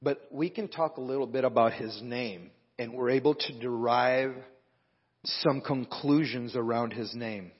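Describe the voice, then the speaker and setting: A man's voice: mid-range voice, unhurried, breathy edge. A man preaching a sermon to a congregation in a conversational way, breaking off the reading to talk to the room. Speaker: pastor. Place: church hall with live band. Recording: dull lo-fi recording with long hall reverb.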